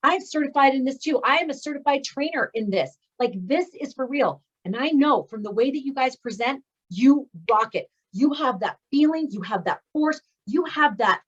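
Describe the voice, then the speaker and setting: A woman's voice: on the high side, a bit bright, slightly rough. Effusive woman coach on a dull call. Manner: effusive, encouraging, gushing praise. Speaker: speaking coach and course host. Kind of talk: warm graduation address on a video call.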